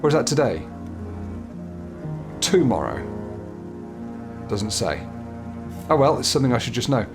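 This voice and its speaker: A man's voice: medium pitch, sing-song, unhurried, long pauses, music in the background. A man chatting casually as he plays a game, laughing and swearing freely. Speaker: game player. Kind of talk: casual let's-play commentary.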